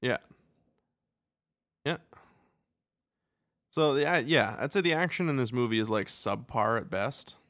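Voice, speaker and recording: A man's voice: mid-range voice, lively intonation, a little slow, pauses often, a bit bright, dry recording, studio quality. A man co-hosting a podcast, rambling casually about a movie, laughing often and acting out silly quotes. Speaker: podcast co-host. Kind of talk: casual movie review chat.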